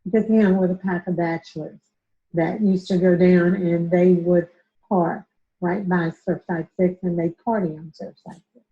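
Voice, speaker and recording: A woman's voice: lowish voice, fairly even intonation. Reminiscing woman in a dull film clip. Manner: reflective, unhurried storytelling. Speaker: documentary interviewee. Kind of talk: reminiscing interview.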